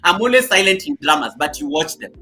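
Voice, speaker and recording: A man hosting a casual live stream from his home set, greeting viewers by name and reading chat comments, with loud bursts of welcome between quiet asides into a laptop mic. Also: on the high side, animated, quick pace, slightly rough, faint music behind, rough recording.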